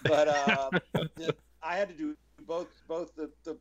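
A man's voice: fairly high pitch, slow, crowd noise. A man, an actor guest in an interview, telling stories casually and acting out the voices he quotes. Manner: animated anecdotes, acts out quoted voices.

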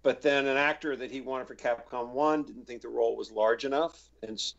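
A man's voice: medium pitch, brisk, gravelly, dull audio. A man, an actor guest in an interview, telling stories casually and acting out the voices he quotes. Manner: animated anecdotes, acts out quoted voices.

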